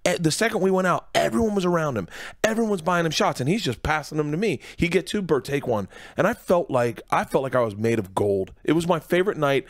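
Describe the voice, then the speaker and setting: A forties-aged comedian, guesting on a laid-back radio show, spins excitable, rambling stories and keeps restarting his sentences. His voice is slightly high and he speaks quickly.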